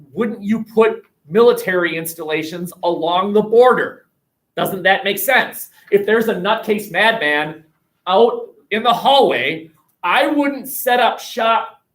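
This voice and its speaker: Animated male teacher lecturing a class. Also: sits high. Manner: animated, asks the class questions, jokes. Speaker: history teacher. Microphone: webcam across the room. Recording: distant webcam sound.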